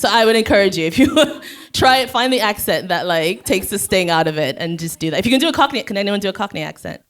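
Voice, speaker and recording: A woman's voice: medium pitch, animated, quick pace, few pauses. A woman speaking as a guest on a live panel, chatty and self-mocking, laughing often.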